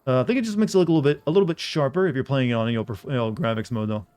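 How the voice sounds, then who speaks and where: Deadpan male streamer. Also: medium pitch, very fast, clear, resonant tone. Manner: flat, deadpan delivery. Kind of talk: casual live-stream commentary.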